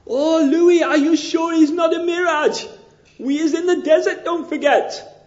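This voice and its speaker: A man's voice: fairly even intonation, unhurried, darkish tone, reverberant, lo-fi sound. A man voicing an anxious, doubting man lost in the desert. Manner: high comic falsetto, broken grammar.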